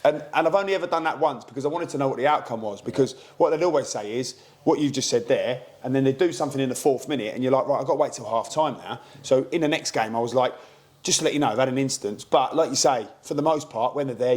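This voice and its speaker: A British man on a podcast, a co-host and football manager, telling animated stories and acting out quoted exchanges in casual chat. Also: medium pitch, fast talker. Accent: British English.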